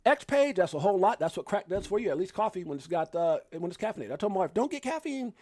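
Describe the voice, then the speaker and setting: Brief: high-voiced Chicago man, rapid-fire livestream host, dry close sound. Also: no echo. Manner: fast, excitable, shouting out viewers. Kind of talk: hyped casual livestream chat.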